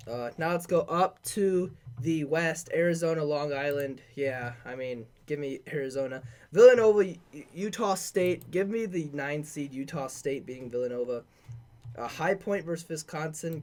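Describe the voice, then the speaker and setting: A man hosting a sports podcast, casually talking through bracket picks in an offhand, filler-heavy way as he thinks aloud. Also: on the high side.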